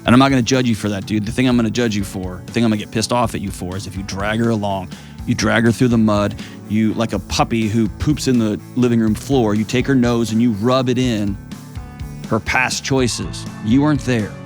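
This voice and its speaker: A man's voice: fairly low pitch, fairly even intonation, a little fast. A middle-aged man hosting a call-in advice show, talking bluntly and animatedly with jokes, with a faint music bed behind him. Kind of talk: casual advice talk and ad reads.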